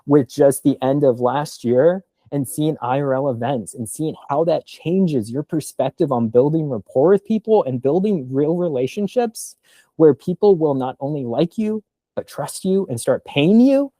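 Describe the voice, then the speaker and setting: Earnest podcast guest, man in his thirties, mellow dark voice, dry close recording. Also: on the high side, expressive, moderate pace, no room sound. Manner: earnest, emotional, rambling storytelling. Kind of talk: casual podcast conversation.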